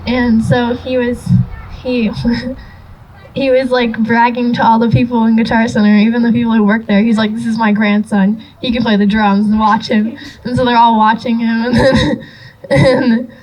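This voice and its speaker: Young woman, granddaughter, rambling story, high and flat voice. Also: moderate pace, poor audio. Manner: rambling, many fillers, laughing softly. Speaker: granddaughter giving a eulogy. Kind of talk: memorial speech, personal story.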